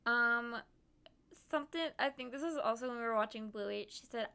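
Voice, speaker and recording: A young woman streamer tells stories from a trip in a loose, giggly chat. Her voice sits a little high and rings bright and forward. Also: normal speed, vocal fry, smooth. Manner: giggly, chatty storytelling. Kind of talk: casual chat.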